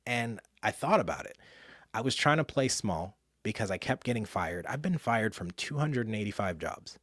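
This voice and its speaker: A man telling a personal story in an animated way, dropping to a hush and jumping up loud when he acts out what others said. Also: mid-range voice, normal speed, no room sound, clean studio sound. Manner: animated, jumps from hushed to loud mimicry. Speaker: speaker and author.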